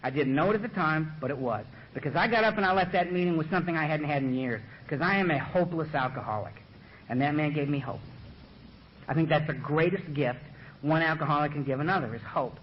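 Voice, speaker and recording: A man speaking at a recovery meeting, telling his own story with humor, loose and animated, full of "you know" and "man", laughing at himself, on a podium mic in a dull lo-fi recording. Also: on the high side, fast, slight background noise. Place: meeting room at the front.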